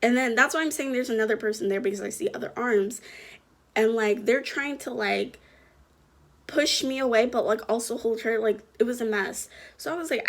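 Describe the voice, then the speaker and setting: A young woman vlogger telling a story in a chatty, animated way, full of slang and fillers. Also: on the high side, normal speed. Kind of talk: casual storytelling to camera.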